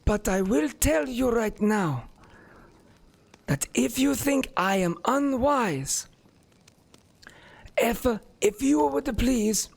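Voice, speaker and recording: A man voicing a frail old man in a wheelchair, who speaks formally and stately, with hesitant pauses. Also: very high-pitched, lively intonation, vocal fry, voice pushed up, heavily acted.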